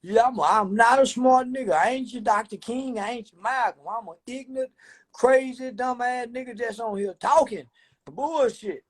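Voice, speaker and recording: A man with a husky, breathy voice rants on a casual livestream. He talks loud and profane, preaching hard one moment and clowning the next, and shouts at times. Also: very high-pitched, moderate pace. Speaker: livestream host.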